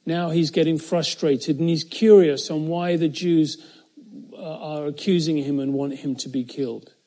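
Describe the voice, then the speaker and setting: A middle-aged man preaching an expository sermon, earnest and emphatic, raising his pitch and volume when he quotes scripture and lingering on pauses. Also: fairly even intonation, dark tone.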